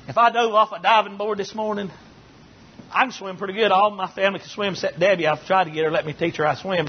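High-voiced husky preaching man. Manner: folksy and joking, building to shouted preaching. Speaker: Baptist preacher. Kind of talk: sermon. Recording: dull lo-fi recording.

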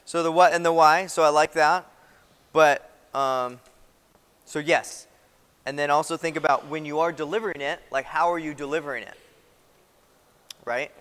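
A man's voice: a little high, a bit bright. Man lecturing in an echoing room. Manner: conversational, often checks in with "right?". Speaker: military instructor. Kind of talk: classroom lecture. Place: classroom. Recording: long reverb in a hall-like room.

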